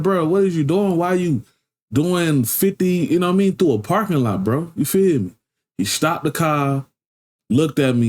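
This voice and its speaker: Slangy man telling a street story. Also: mid-range voice. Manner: slangy, animated storyteller, frequent "you feel me". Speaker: reaction channel host. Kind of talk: casual storytelling reaction.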